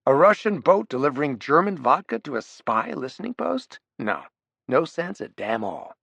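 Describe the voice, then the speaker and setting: A man's voice: fairly high pitch, big pitch swings, moderate pace, creaky, fairly bright tone, no echo. A man narrating a thriller audiobook with wry, punchy emphasis, close on the mic.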